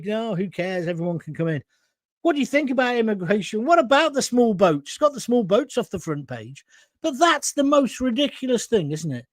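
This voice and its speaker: A high-pitched man hosts a ranting political livestream and talks straight to his audience. He is blunt and combative, and sounds dry and close with no room echo. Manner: blunt, combative, addresses viewers directly. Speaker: livestream host.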